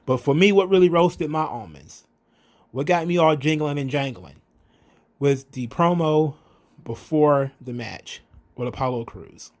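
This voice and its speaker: A man's voice: on the high side, measured pace. A man giving a casual, profane wrestling recap, acting out the wrestlers' lines in raised voices. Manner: animated, profane, acts out quotes in raised voices. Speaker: wrestling commentary podcaster.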